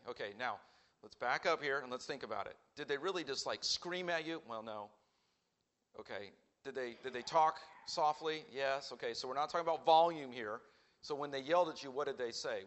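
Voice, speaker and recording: A man's voice: fairly high pitch, fairly quick, a bit bright. A man preaching an earnest sermon in a church, asking rhetorical questions and acting out quoted voices. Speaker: pastor.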